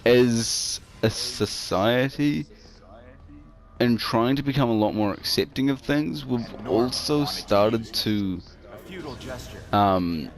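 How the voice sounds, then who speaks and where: A man's voice: medium pitch, takes it slowly. A young man co-hosting a casual gameplay chat, rambling with lots of fillers. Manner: rambling, filler-heavy, drops to mumbles. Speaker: co-host.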